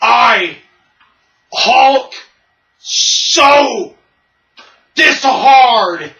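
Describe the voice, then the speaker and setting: A man putting on the voice of a huge, simple-minded male monster who shouts in broken phrases. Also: extremely high pitch, animated, very slow, pitched above the performer's own voice, full character voice. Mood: bellowing. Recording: roomy, distant, dull lo-fi sound.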